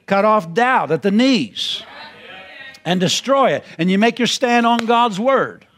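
A man preaching a sermon in a folksy, repetitive way that climbs into shouted emphasis. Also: sits high, expressive, measured pace.

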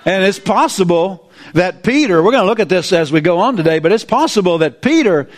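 A man preaching a sermon in an animated, folksy way, with laughing asides. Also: high voice, brisk.

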